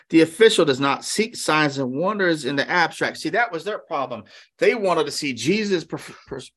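Fairly high-voiced male preacher. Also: a bit bright. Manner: conversational preaching, asks rhetorical questions, acts out quotes. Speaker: pastor. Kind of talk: sermon.

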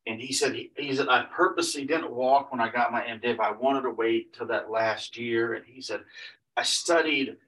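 A man preaching and retelling a story in a loose, meandering way, stacking "he said" on almost every line. His voice sits at an ordinary middle pitch for a man. The microphone is set back from him, so he sounds distant. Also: steady tone, normal speed, a bit bright. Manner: rambling, retelling with many repeated "he said" tags and restarts. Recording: voice picked up from a distance.

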